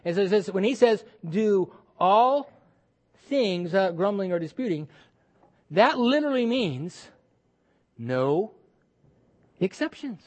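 A man's voice: high voice, sing-song, takes it slowly, long pauses. A male pastor preaching a sermon with emphatic delivery, repeating words and acting out quoted voices.

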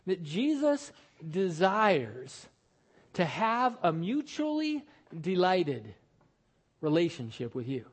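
A middle-aged man preaching a sermon as pastor, conversational and self-deprecating, with sudden lifts of the voice for emphasis. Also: high voice.

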